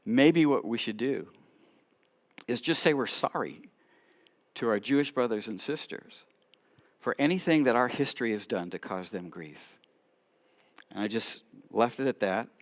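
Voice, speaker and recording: A middle-aged man telling stories in a sermon, lively, with sudden quiet asides. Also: medium pitch, a little slow, pauses often. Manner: animated storyteller, drops to quiet asides. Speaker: rabbi preaching at church. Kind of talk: sermon storytelling.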